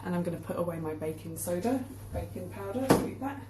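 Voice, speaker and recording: Brisk and animated, a woman with a voice on the low side mixes baking with an informal English lesson at home, explaining what words mean. The kitchen is reverberant and the background noise is heavy.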